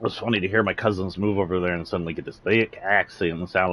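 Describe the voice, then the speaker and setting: A man's voice: low-pitched, fairly even intonation, quick pace, highs cut off, a little hiss or hum. A man from Texas with a slight Southern accent, ranting bluntly and indignantly on a livestream. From San Antonio, Texas. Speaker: streamer. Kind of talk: political rant on a livestream.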